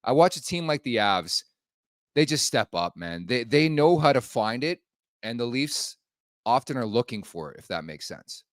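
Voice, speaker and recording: A podcast host talks about hockey bluntly and casually, with plenty of swearing and filler words. His voice sits at a middle pitch. The sound is close and dry. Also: very animated, normal speed, dry recording.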